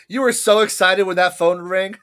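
A podcast co-host in casual chat who tells stories in an animated way and laughs often. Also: medium pitch, moderate pace.

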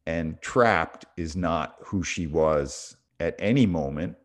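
A man's voice: rumbling low, takes it slowly. A middle-aged man telling a story on a casual spiritual podcast, reflective and full of small restarts. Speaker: podcast co-host.

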